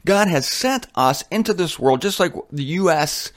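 A man's voice: fairly high pitch, lively intonation, normal speed. A man preaching a sermon in a blunt, colloquial and emphatic way.

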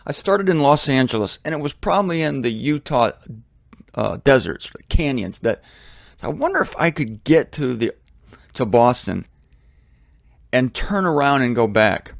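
Rambling, animated man in a dry studio. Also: medium pitch, normal speed, vocal fry, no echo. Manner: rambling, animated, self-deprecating. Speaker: host of a religious talk series. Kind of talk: casual monologue. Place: home studio. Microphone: studio microphone.

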